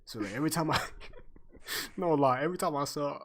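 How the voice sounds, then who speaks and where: A man's voice: a little high, expressive, moderate pace, a bit bright. Slangy young man telling a story. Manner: slangy, swears a lot, laughs often. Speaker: streamer. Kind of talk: casual storytelling chat.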